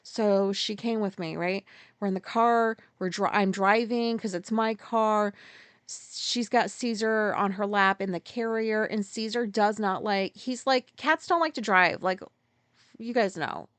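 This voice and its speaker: A woman's voice: medium pitch, unhurried, smooth, no echo. Swearing, rambling woman podcaster. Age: 40s. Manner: rambling, swears freely, acts out her own outbursts loudly. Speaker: podcast host. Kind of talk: casual solo podcast storytelling. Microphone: podcast mic.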